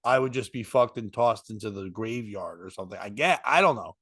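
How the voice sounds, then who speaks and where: A man's voice: lowish voice, animated, brisk, fairly bright tone. A man hosting a podcast who tells a story casually, laughs through it, acts out other people's lines and swears freely. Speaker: comedian and podcast host.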